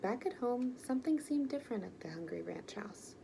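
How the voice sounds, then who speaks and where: A woman gently and expressively reading a children's picture book aloud. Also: on the high side, lively intonation, fairly quick, gravelly, a little hiss or hum, rough recording. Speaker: storyteller.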